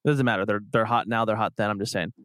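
A man's voice: on the low side, steady tone, rapid-fire, a bit bright, no echo. A man co-hosting a podcast in casual banter, telling a playful, rambling story and joking with his co-host.

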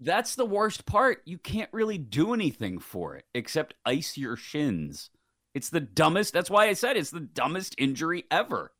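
A man's voice: fairly high pitch, huge pitch swings, normal speed, a bit bright, dry recording, clean studio sound. A man filling in as co-host, chatting casually and telling self-deprecating stories with frequent laughs. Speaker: fill-in co-host. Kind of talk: casual chat.

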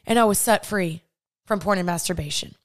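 A young woman hosting a podcast, telling her personal faith testimony in an animated way and acting out the voices she remembers. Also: fairly low pitch, brisk. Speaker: podcast host.

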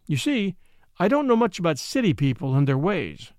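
A man voicing a lively, frank young woman from the West in a read-aloud story. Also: on the high side, moderate pace, dry recording, clean studio sound. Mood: eager.

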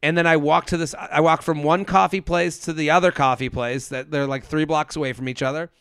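Guy cohosting a chat, lively storyteller, kinda high smooth voice, dry close sound. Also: fairly quick, no echo. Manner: animated storytelling, acting out quotes, swearing. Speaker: podcast co-host. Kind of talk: casual chat.

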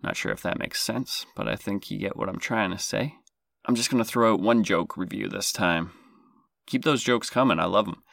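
A man's voice: on the low side, normal speed, creaky, fairly bright tone, dry recording, studio quality. A man hosting a comedy podcast, talking in a self-deprecating, jokey, sarcastic way. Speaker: podcast host.

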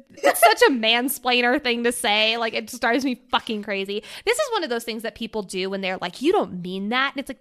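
Bright, high-voiced woman, emphatic. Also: very animated, moderate pace, few pauses. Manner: emphatic, swears freely. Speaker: podcast co-host. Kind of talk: casual book discussion.

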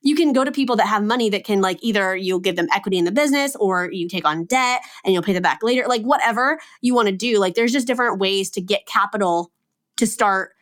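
A young woman co-hosts a podcast in easygoing conversation. She rambles a little and leans on "like" as she thinks aloud. Her voice sits at an ordinary middle pitch. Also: fast, a bit bright. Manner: rambling, heavy with "like" fillers. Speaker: podcast co-host. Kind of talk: casual chat.

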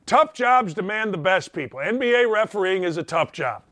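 A man's voice: sits high, expressive, moderate pace, a bit bright, no echo, studio quality. An older man hosting a sports talk show, ranting emphatically in an opinionated monologue.

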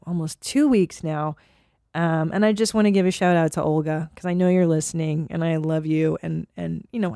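A woman's voice: sits low, gravelly, warm tone, dry recording, clean studio sound. A woman in her forties hosting a podcast, rambling and swearing freely, with sighs and restarts, a little stuffy from cold medicine. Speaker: podcast host. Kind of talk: casual chat.

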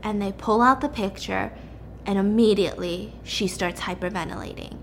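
A woman's voice: medium pitch, normal speed, creaky, a little hiss or hum. A young woman casually recapping a story in a chatty way, with many fillers.

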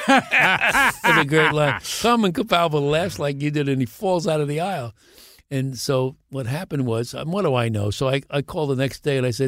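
An older man, a guest actor on a podcast, telling lively anecdotes and acting out the voices of the people in them. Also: a little high, moderate pace, dry recording, studio quality. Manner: animated anecdotes, acting out the other voices in his stories. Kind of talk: podcast interview storytelling.

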